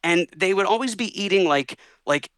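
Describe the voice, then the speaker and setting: Animated young man telling stories. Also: sits high, clear, resonant tone, dry recording. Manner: animated storyteller, quick bursts. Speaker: guest. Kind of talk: casual storytelling interview.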